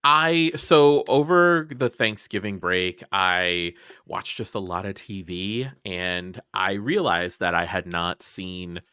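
A man co-hosting a podcast in casual pop culture chat, relaxed and hesitant with "uh" fillers. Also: deep voice, slow, hardly any pauses, clear, resonant tone, dry recording, clean studio sound. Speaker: podcast co-host.

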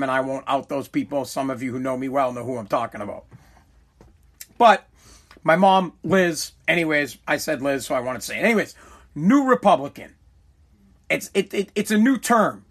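A man's voice: on the high side, fairly bright tone. A man hosting his own podcast alone, rambling casually, swearing and correcting himself as he goes. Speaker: podcast host. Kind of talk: casual solo podcast rant. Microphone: streaming live mic.

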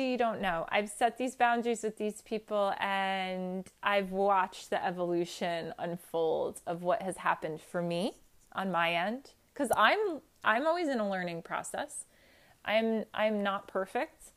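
Woman, candid solo talk: blunt, emphatic, casual swearing, animated storytelling with voiced quotes, mid pitch. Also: measured pace. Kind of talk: candid personal monologue.

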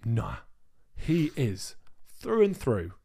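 A young English man, a podcast co-host, telling stories in casual chat, animated and full of swearing. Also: mid-range voice, slow pace, creaky, breathy edge. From England.

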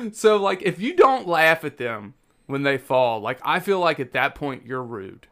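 A man's voice: medium pitch, sing-song, measured pace, a bit bright. A man hosting a podcast in casual chat, joking in a laid-back way. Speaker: podcast host.

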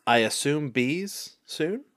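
A man's voice: on the high side, lively intonation, takes it slowly, a bit bright, no echo. Guy player in a tabletop game, dry close sound, wry jokes. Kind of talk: tabletop role-play.

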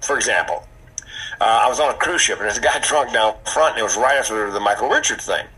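Male comic guest, husky and bright, animated storyteller. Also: mid-range voice, fast talker, poor audio. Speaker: podcast guest, comedian. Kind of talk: casual storytelling.

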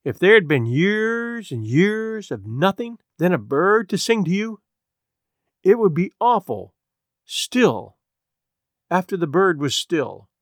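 A woman's voice: fairly low pitch, sing-song, takes it slowly, no echo, studio quality, voice pushed up. A man reading aloud voices a grieving middle-aged farm wife who talks with impassioned, pleading urgency. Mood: wistful. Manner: impassioned, pleading, voice rising with feeling.

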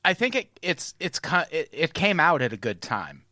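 A man's voice: on the high side, sing-song, normal speed, sharp tone, no echo, studio quality. A man co-hosting a podcast, telling stories casually and stumbling over restarts. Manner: chatty storyteller, stammers on restarts.

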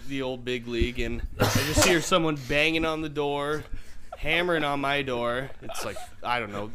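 A man's voice: medium pitch, moderate pace, heavy background noise. Laughing man telling a rowdy story. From Iowa. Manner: laughing, animated storyteller acting out voices. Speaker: podcast co-host. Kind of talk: casual storytelling chat. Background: crowd of friends in a house.

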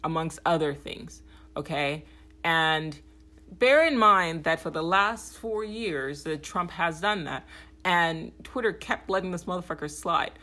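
A woman's voice: animated, unhurried, bright, forceful tone. A woman hosting a podcast, giving a blunt, profane political monologue and often checking in with "okay?". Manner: grows heated and higher when agitated. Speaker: podcast host.

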